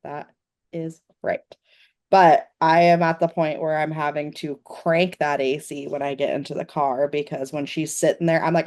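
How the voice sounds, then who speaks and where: A woman from the States co-hosting a podcast in a relaxed, wry way, with short supportive replies. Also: deep voice, normal speed. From United States. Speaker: podcast co-host. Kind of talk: casual chat. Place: Portland, United States.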